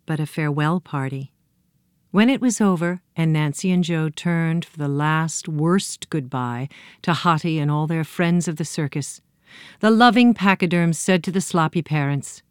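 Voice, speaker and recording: A woman's voice: deep voice, smooth, no echo, clean studio sound. Woman reading a storybook aloud. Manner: gentle, expressive reading with character voices. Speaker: narrator.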